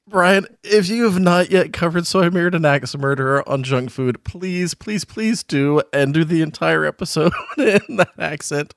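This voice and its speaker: A man's voice: a little high, moderate pace, creaky, hardly any pauses, no room sound, studio quality. A man co-hosting a podcast, chatty and self-deprecating as he steers toward wrapping up. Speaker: co-host. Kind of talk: casual podcast banter.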